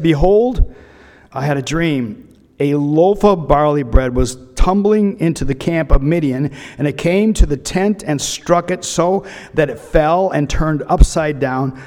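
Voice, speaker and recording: A man's voice: on the high side, a little mellow, in a large hall. A man preaching a sermon, retelling a scripture story with humorous asides. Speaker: pastor.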